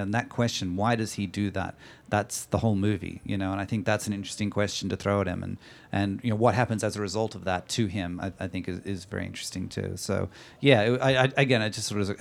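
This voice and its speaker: A man's voice: on the low side, a little mellow. A man, a film director at a live panel, answering audience questions in a thoughtful, rambling way with many "you know"s.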